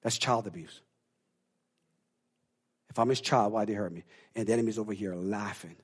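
A pastor preaching a sermon, emphatic and calling out to the congregation, swinging from hushed talk to shouting. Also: male voice, fairly low pitch, moderate pace, husky.

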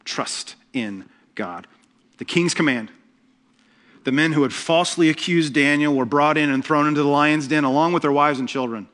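A man preaching a sermon as pastor, telling the story with humor and lively asides. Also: fairly high pitch, moderate pace.

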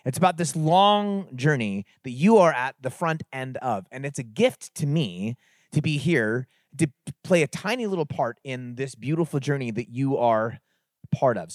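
A middle-aged man from the San Francisco Bay Area, telling a story and preaching at a youth conference in an animated, conversational way. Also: mid-range voice, normal speed, no room sound, studio quality. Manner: animated, conversational, builds to emphatic exhortation. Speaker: conference speaker. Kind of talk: sermon-style storytelling talk.

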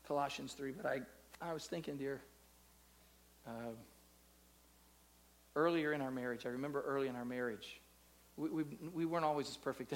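A man preaching a sermon to a live congregation, swinging between loud, drawn-out preaching and soft, close talk, and leading the room in call-and-response. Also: medium pitch. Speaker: pastor. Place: church in front of a live congregation.

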